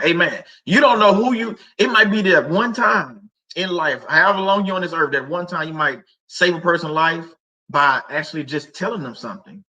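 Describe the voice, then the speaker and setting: A man's voice: a little high, expressive, normal speed, sharp tone, rough recording. A middle-aged man hosting a casual faith talk stream, rambling and conversational with many fillers and restarts. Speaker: livestream host.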